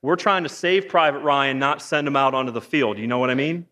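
A man preaching a sermon in a lively, joking way, firing off rhetorical questions. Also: mid-range voice, brisk. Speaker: pastor. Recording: long hall reverb.

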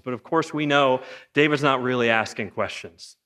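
A man preaching a sermon in a lively, joking way, firing off rhetorical questions. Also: medium pitch, normal speed. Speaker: pastor. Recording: long hall reverb.

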